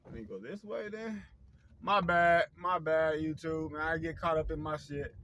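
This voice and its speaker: A man's voice: on the high side, normal speed, fairly bright tone. A man vlogging in a laid-back, slangy way, tired out after mowing a yard and heading off in his vehicle. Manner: laid-back, slangy, talks straight to the viewers. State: worn out after work. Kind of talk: casual vlog talk to camera.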